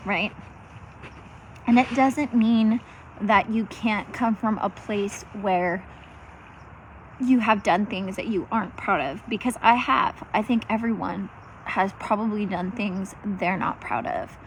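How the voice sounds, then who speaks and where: A woman's voice: mid-range voice, slow pace, a little hiss or hum, poor audio. A woman in her thirties, a faith-based health coach, talking energetically to the camera from an ice bath, shivering from the cold. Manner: energetic, chatty, many fillers. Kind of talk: faith-based motivational vlog.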